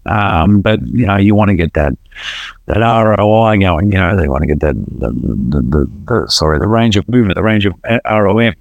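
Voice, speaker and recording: The recording is dry and muffled, carrying a low, creaky male voice at a moderate pace. As a podcast guest, he shares his story earnestly and casually, with lively energy and many restarts.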